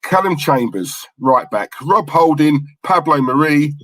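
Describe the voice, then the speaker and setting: A man's voice: fairly high pitch, animated, unhurried, fairly bright tone, no echo, rough recording. A man hosting a live football watchalong, chatting with viewers and reading out team lineups in a casual, bantering way. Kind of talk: casual live-stream chat.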